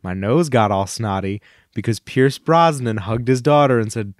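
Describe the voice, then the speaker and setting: A man's voice: mid-range voice, moderate pace, no echo, studio quality. A man co-hosting a casual comedy podcast. He talks in an earnest, rambling way and drifts into grand speeches for laughs. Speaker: podcast co-host.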